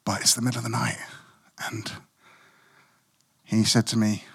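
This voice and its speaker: A man's voice: lowish voice, little pitch movement, moderate pace, gravelly, husky. Middle-aged male preacher, conversational sermon, dry humour, playful asides. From Africa. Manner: conversational, self-mocking, playful asides with acted quotes.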